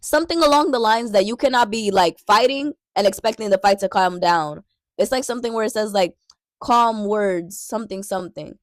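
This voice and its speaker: A woman's voice: mid-range voice, brisk, no room sound, studio quality. A young woman giving casual Christian dating advice, earnest and repeating key phrases for emphasis.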